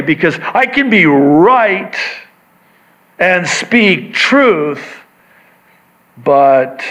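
A man preaching a sermon, unhurried, repeating key words and swinging between quiet asides and raised emphasis. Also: fairly high pitch. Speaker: pastor. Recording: dull lo-fi recording.

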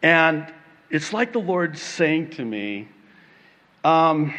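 A man preaching a sermon, slow and dramatic, breaking into playful acted-out quotes and laughter. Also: a little high, big pitch swings, pushed and bright, big-room sound.

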